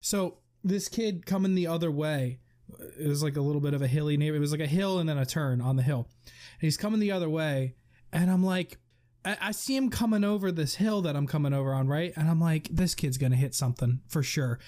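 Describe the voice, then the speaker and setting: A podcast co-host with a slightly high voice and a slightly fast pace tells a story in casual chat. He's an animated storyteller who acts out what people said.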